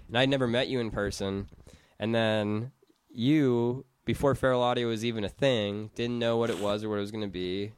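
Low, smooth-voiced rambling man. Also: fairly even intonation, moderate pace. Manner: rambling, filler-heavy, earnest. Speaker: podcast network founder. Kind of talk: casual podcast chat.

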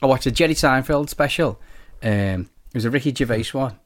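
A man's voice: medium pitch, fairly quick. A man talks casually as a podcast co-host. He rambles and hesitates as he goes, in an ordinary mid-range voice. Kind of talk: casual comedic chat.

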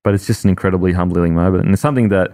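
Talking rapid-fire in a low-pitched, dark-toned voice, a former rugby league player from Australia is a podcast guest in casual conversation. He's earnest but rambling, frequently starting his sentences over.

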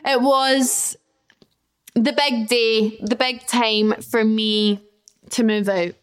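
A young woman in her twenties hosting a podcast from her flat, telling a story in a chatty, self-deprecating way. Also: fairly high pitch, slow, smooth. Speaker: podcast host. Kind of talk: casual storytelling monologue.

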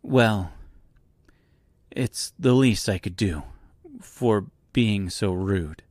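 A man's voice: lowish voice, drawn-out words, darkish tone, no room sound, clean studio sound. A man voicing a nervous, polite young woman traveler in an audiobook reading, speaking hesitantly.

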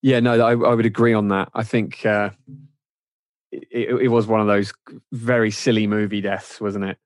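Low-voiced thoughtful man on a film panel. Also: little pitch movement, no echo, clean studio sound. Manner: measured and thoughtful, hesitant. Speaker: podcast panelist. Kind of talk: casual film discussion.

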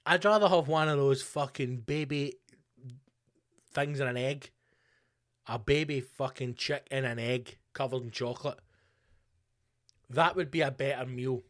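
A man's voice: medium pitch, fairly even intonation, normal speed, long pauses. A Scottish man hosting a solo podcast, ranting casually with plenty of swearing. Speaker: podcast host.

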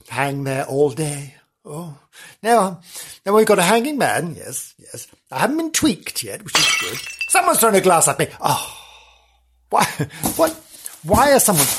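Fussy, easily frightened woman roving reporter, high and lively, with a husky edge, as a man puts her on. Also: heavily acted. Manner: dithery, fussy, easily spooked. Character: nervous middle-aged woman ghost-hunting reporter. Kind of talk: comic audio sketch.

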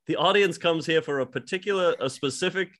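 Aging Liverpool music legend, deadpan and rambling, a man doing the impression. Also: a little high, fairly quick, lightly acted. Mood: wry. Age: 70s. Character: elderly John Lennon impression, dry and rambling. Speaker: host. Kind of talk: improvised comedy podcast impression.

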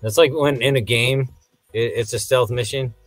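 A man's voice: mid-range voice, dry recording, soft background music. A man co-hosting a podcast, casually chatting about a TV episode, asking questions about the plot and laughing easily. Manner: animated and questioning, quick to laugh. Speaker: podcast co-host. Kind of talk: casual chat recapping a TV episode.

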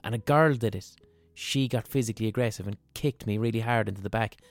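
A man's voice: fairly low pitch, fast talker. A man hosting a podcast, telling stories in a frank, rambling monologue with plenty of swearing and restarted sentences. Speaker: podcast host. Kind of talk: candid monologue.

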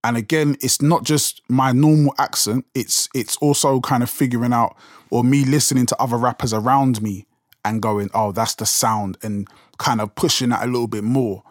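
A young podcast host from England with a London accent talks casually on his own, rambling with restarts and fillers. His mid-range voice is steady and moderately paced, recorded dry with studio quality.

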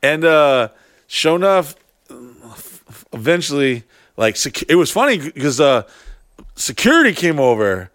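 Male co-host, casual storyteller, raised pitch, dry close sound, lots of swearing and mock voices. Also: measured pace, pauses often, no echo. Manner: profane, animated, jumps into high mocking voices for quotes. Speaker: touring artist, podcast co-host.

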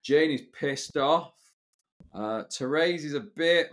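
A man's voice: on the high side, takes it slowly. A man co-hosting a podcast, recapping a soap in a sardonic, grumbling way with lots of hesitant fillers. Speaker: podcast co-host. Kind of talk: casual chat recapping a TV soap.

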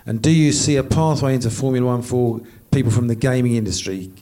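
A man's voice: medium pitch, fast, dark tone. A man in the audience asking a long question, hesitating and restarting as he goes.

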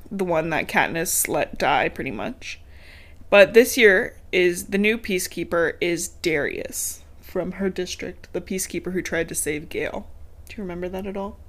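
A woman's voice: fairly low pitch, lively intonation, a little slow, a bit bright. Chatty woman recapping a book. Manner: chatty, swears casually, laughs often. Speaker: podcast co-host recapping a book. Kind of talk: casual chat.

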